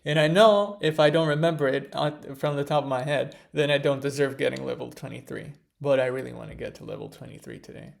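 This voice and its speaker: A man studying at his computer, muttering words to himself in a casual commentary, mostly soft with sudden excited bursts. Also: mid-range voice, fairly quick, gravelly, few pauses. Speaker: language learner vlogger. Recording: loud keyboard typing behind.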